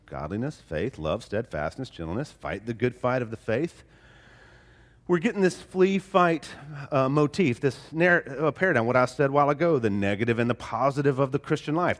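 Pastor guy preaching, voice swoops up and down a lot, kinda high, big echoey hall. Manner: emphatic, building repeated phrases. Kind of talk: sermon.

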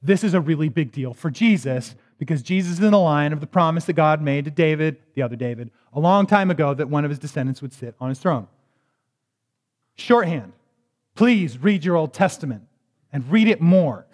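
High-voiced preacher in a reverberant hall. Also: male voice. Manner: conversational, emphatic, with joking asides. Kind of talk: sermon with scripture reading.

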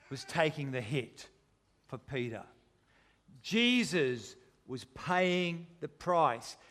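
A man preaching a sermon, retelling a story with dramatic, shifting intensity. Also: high voice. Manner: dramatic, shifting between loud and hushed.

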